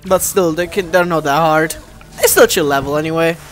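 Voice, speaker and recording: Man, let's play commentary, high lively voice, animated and exasperated, soft music behind. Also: fairly quick. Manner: animated, exasperated, addresses viewers as guys. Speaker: gameplay commentator.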